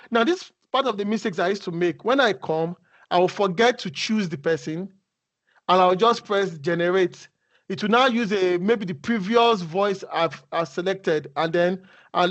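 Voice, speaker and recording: A man with a fairly high voice walks through a tutorial over a video call. He talks conversationally and often breaks off to restart his sentences. The call audio is muffled and dull. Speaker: instructor. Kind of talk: casual screen-share tutorial.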